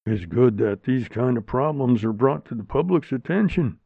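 A man's voice: medium pitch, expressive, normal speed, vocal fry, breathy edge, dry recording. A man voicing Red, an eager, talkative man who keeps pressing his point, in a storybook reading. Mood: earnest. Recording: narrow phone-like sound, dry.

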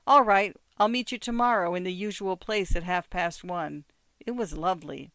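A woman's voice: on the low side, moderate pace, fairly bright tone, no room sound. Rueful former lover, wry and tender, read by a woman in a storybook reading. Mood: wistful. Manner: teasing, rueful.

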